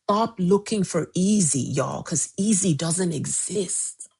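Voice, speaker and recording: A woman's voice: on the low side, lively intonation, slow, vocal fry, darkish tone, breathy edge. A woman in her forties coaching on a casual livestream, emphatic and repeating key phrases. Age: 40s. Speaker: weight-loss coach. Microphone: phone livestream.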